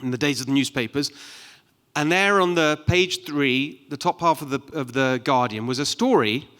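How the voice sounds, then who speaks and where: A middle-aged British man gives a conference speech in a conversational, anecdotal way, often pausing on "um". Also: medium pitch, fairly bright tone, clear, resonant tone. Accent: British English. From United Kingdom. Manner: conversational, anecdotal, with frequent ums. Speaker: keynote speaker. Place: large conference hall. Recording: long reverb of a conference hall.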